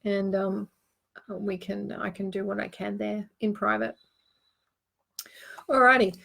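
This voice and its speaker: A woman hosts a live online card-reading show and talks through each card in an earnest, reassuring way. Her voice sits in a medium pitch, and she keeps stopping for ums and restarts as she works out her advice. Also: fairly even intonation, a little slow, creaky, sharp tone. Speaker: host and tarot card reader.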